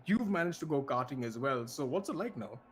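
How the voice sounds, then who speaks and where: An Indian esports commentator calls an online race live, his medium-pitched voice lively and brisk over a faint hiss or hum. He's chatty, keeps restarting his sentences, and laughs easily.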